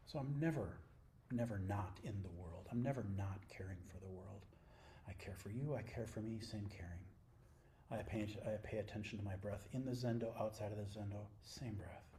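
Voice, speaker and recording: A middle-aged Zen teacher gives a dharma talk at a retreat, intimate and playful, sinking to near-whispers before rising into excited exclamations. His voice is lowish and paced normally, with slight background noise.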